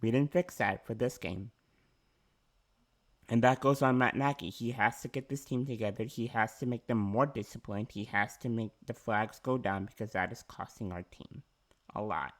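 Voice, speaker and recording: A man's voice: on the low side, normal speed. A man ranting about his football team's coaching, frustrated and repetitive, with frequent restarts. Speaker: sports fan vlogger. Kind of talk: ranting sports commentary.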